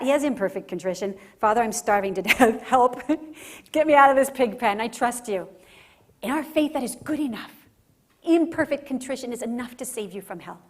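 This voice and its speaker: A woman speaker giving an emphatic religious teaching talk at a conference, often checking in with the audience. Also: medium pitch. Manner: emphatic, often tags lines with "right?". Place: conference center.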